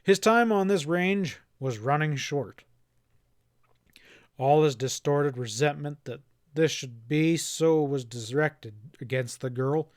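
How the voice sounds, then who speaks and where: Guy narrating a western audiobook, kinda high voice, steady read. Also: takes it slowly, no room sound, studio quality. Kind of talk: reading a western novel aloud.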